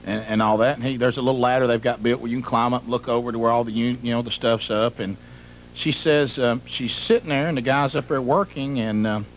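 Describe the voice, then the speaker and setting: A man's voice: medium pitch, a little fast. A middle-aged man, hosting a radio show and telling a comic story in a rambling, exaggerated way that piles up details. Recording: muffled broadcast with faint hum.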